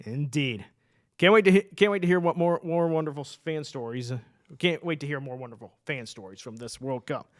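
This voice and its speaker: A man's voice: on the high side, brisk. A man co-hosting a casual sports chat show, enthusiastic and chatty, laughing often and restarting his sentences. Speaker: sports podcast co-host.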